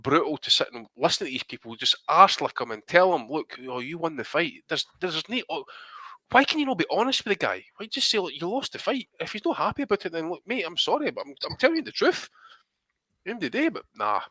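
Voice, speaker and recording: Bright-voiced, foul-mouthed podcast host. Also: male voice, a little high, sing-song, quick pace, no echo. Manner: profane, ranting, blunt. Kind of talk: casual chat.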